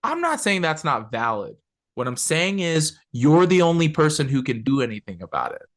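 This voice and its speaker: A man co-hosting a podcast, talking in an animated, emphatic way with casual swearing. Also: a little high, moderate pace. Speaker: podcast co-host. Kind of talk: conversational talk.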